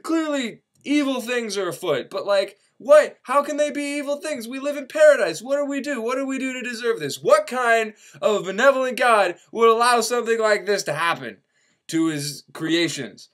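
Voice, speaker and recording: A man's voice: extremely high pitch, animated, moderate pace, pitched above the performer's own voice. A man doing a panicking, frantic Adam. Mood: bewildered. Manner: frantic, loud and breathless rambling. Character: panicking young first man in paradise.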